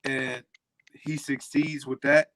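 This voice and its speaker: A man's voice: medium pitch, little pitch movement, slow, vocal fry, a bit bright. A male co-host in casual sports talk, laid-back and explaining his points. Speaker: podcast co-host.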